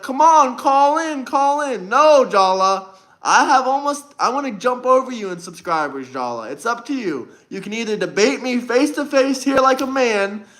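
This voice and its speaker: Hosting a political livestream debate, a high-voiced man speaks with a bright, forceful tone. His manner is boastful and combative, and he hammers his points by saying lines over and over.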